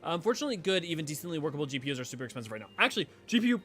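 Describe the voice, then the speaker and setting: A man's voice: a little high, sing-song, racing, a bit bright, soft background music. A man chatting casually on his livestream, rambling with fillers and restarts between reading game dialogue aloud.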